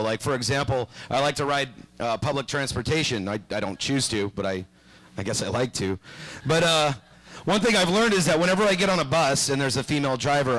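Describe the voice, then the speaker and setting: A young man doing a stand-up set on a small club stage, deadpan, then bursting into shouted voices. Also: mid-range voice, low-quality recording. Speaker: stand-up comedian.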